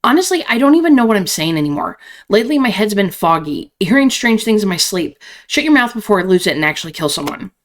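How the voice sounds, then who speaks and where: A woman's voice: medium pitch, big pitch swings, fast talker, natural voice. A volatile, profane stranger, voiced by a woman in a horror game. She snarls short, clipped threats and sounds ready to snap. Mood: furious. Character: foul-mouthed furious woman, volatile and threatening.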